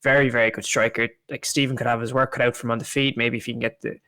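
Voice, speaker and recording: A man's voice: mid-range voice, flat delivery, racing, bright, forceful tone, no echo. A man on a podcast, rambling in a casual way, often restarting his sentences and swearing now and then. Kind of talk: casual chat.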